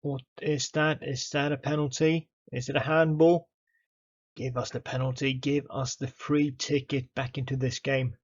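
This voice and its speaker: A man commentating his own football management game, excitable and chatty, cheering on his players and talking to them. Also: mid-range voice, normal speed, husky, highs cut off. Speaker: gaming YouTuber.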